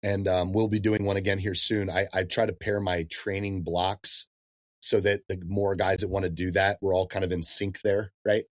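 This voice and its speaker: A man in his thirties, a fitness coach talking in a casual podcast interview, animated and slangy, calling people dude and man. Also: deep voice, normal speed, no room sound, studio quality.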